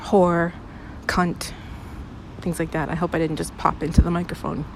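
A young audio creator talks casually to her listeners outdoors, rambling, putting herself down, and using plenty of fillers. Her fairly low voice moves little in pitch and keeps a normal speed, with slight hiss or hum present.

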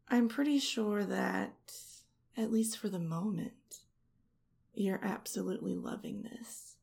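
A woman's voice: medium pitch, steady tone, measured pace, creaky, darkish tone, breathy edge. A woman performing an intimate erotic audio role-play into a close microphone, teasing and seductive, sometimes dropping to a whisper. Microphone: close studio mic.

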